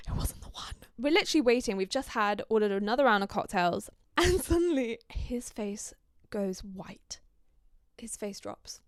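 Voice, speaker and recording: A young woman from Scandinavia hosting a podcast, telling a story in an animated, gossipy way and swearing freely. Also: a little high, normal speed, no room sound, clean studio sound. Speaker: podcast host. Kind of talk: casual storytelling chat.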